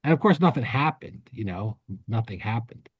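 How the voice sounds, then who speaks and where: Man, podcast co-host, casual storytelling, rambling restarts, medium pitch, dry close mic. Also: expressive, slightly rough, no room sound. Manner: rambling, with many restarts and quick laughs.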